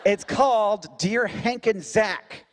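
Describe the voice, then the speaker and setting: An American man from Florida, hosting a live podcast on stage and chatting with a guest, laughing often and leaping up in pitch when he jokes. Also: takes it slowly. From Florida, USA. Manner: animated, laughing, jumps high in pitch when joking. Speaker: podcast host. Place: stage at a convention before an audience.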